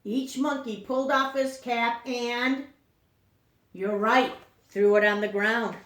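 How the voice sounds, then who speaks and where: A woman teacher reading a picture book aloud to children, slowly, often stopping to ask them questions. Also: fairly high pitch, fairly even intonation, fairly bright tone, roomy sound. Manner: slow, questioning storytime delivery.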